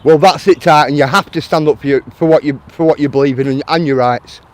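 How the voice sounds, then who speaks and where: A man's voice: on the high side, fast talker, a little mellow. A man with a Lancashire accent, chatting to live-stream viewers while he walks outdoors through a town, answering their comments and calling them mate. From Lancashire, England. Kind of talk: casual walking live stream. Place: outdoors in a town, near traffic.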